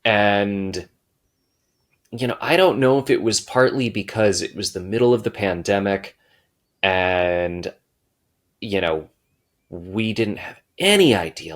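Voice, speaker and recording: A man's voice: on the low side, lively intonation, takes it slowly, pauses often. A man, a podcast guest, reflecting casually on a past film viewing and swearing now and then.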